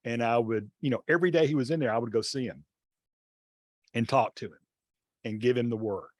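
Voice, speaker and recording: A male teacher telling a classroom story in an online class over a video call, acting out the dialogue with lively changes of voice. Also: mid-range voice, fairly quick, no room sound, clean studio sound. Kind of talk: storytelling lecture.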